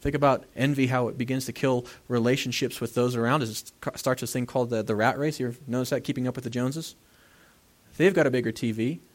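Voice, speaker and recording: A man's voice: medium pitch, steady tone, fast. A pastor preaching a sermon in a church, talking animatedly and acting out the voices of people he quotes.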